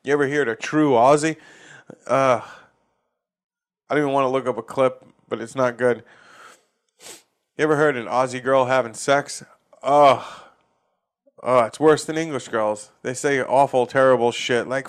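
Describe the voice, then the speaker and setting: A man from Massachusetts riffs through his own comedy podcast, swearing freely and cracking himself up as he goes. His voice is clean and resonant, sitting at an ordinary middle pitch. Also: steady tone, moderate pace, long pauses, smooth. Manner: profane, ranting, laughs at own jokes. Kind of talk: casual comedic rant. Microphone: facing a camera.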